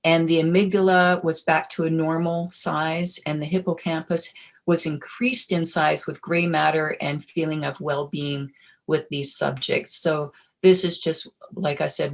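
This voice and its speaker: Slow-speaking woman webinar presenter. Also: sits low, creaky. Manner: casual and friendly, with fillers and self-interruptions. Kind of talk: relaxed teaching talk.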